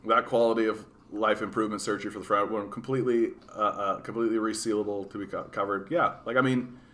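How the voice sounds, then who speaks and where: A man's voice: fairly low pitch, steady tone, quick pace, a bit bright. A man hosting a political livestream, ranting bluntly with lots of swearing, "like" and "right?" while answering chat. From Canada.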